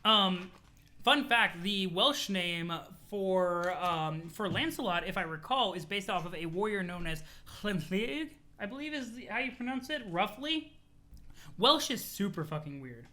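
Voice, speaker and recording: Animated, bright-voiced streamer. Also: mid-range voice, measured pace. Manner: animated, chatty, swears casually; thanks chat followers, talks to viewers. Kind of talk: casual live-stream chat while reading a webcomic aloud.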